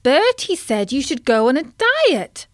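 A woman voicing a small, cheeky young male tadpole with a squeaky voice. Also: big pitch swings, measured pace, no room sound, studio quality. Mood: innocent.

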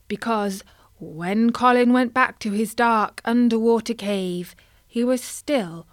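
A woman telling a children's story in a playful, expressive way. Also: on the high side, no echo.

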